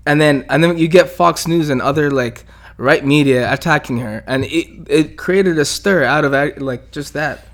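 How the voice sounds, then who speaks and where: A man's voice: fairly high pitch, moderate pace. Rambling, joking young man on a podcast. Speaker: podcast co-host. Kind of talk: casual profane banter.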